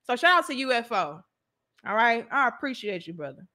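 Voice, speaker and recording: Woman, live-stream host, high voice, outspoken, slangy, animated. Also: fairly quick. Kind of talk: casual live stream chat reading donations.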